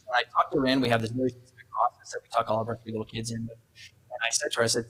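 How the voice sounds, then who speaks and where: Animated male keynote storyteller. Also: medium pitch, very fast, slightly rough, low-quality recording. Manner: animated storyteller acting out dialogue. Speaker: keynote speaker. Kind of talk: motivational storytelling speech. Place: event hall.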